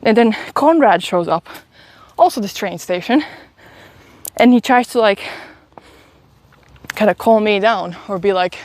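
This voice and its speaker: A woman's voice: mid-range voice, expressive, unhurried, pauses often, a little mellow, no room sound. Young woman, live streamer, walking outdoors, rambling and laughing, a bit sick. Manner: chatty, rambling storytelling with frequent laughs and swearing. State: sick, stuffy. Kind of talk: casual live-stream chat while walking. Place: outdoors walking uphill in a town.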